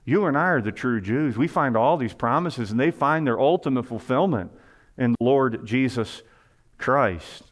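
A man's voice: medium pitch, expressive, normal speed. Man preaching a sermon earnestly. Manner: earnest preaching, rising and falling emphasis; asks the congregation rhetorical questions. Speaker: pastor. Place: church sanctuary.

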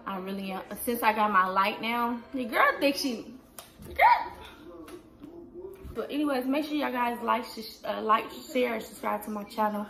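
Seorang wanita berusia dua puluhan menjawab pertanyaan penonton dengan santai di rumah, sering memakai "like" dan "um". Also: female voice, a little high, fairly quick, gravelly, hardly any pauses, pushed and bright. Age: 20s. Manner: chatty, fills with "like" and "um". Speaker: vlogger. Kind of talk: casual Q&A vlog. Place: indoors at home.

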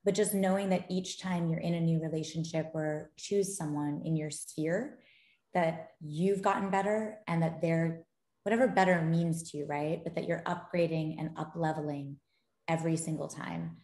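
Speaking at a low pitch and normal speed, a gaming company founder chats casually in an interview. She tells her stories animatedly and often breaks into laughter, with a roomy echo in the recording.

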